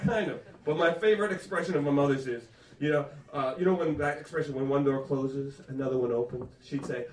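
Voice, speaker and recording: Guy doing stand-up, profane crowd work, high voice, roomy club heard from a distance. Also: lively intonation, a little fast. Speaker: stand-up comedian. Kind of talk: stand-up comedy set. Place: comedy club stage. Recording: roomy live club sound from off-mic.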